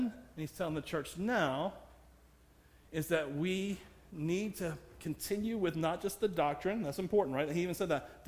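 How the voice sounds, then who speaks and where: Man, preacher, sermon, self-deprecating jokes, frequent laughter, fairly high voice, reverberant church. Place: church sanctuary.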